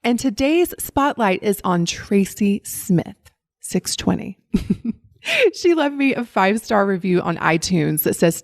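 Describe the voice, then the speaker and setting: Southern woman, podcast host, giggly and upbeat, medium pitch, dry close sound. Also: animated, measured pace, vocal fry, no echo. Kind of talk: solo podcast talk.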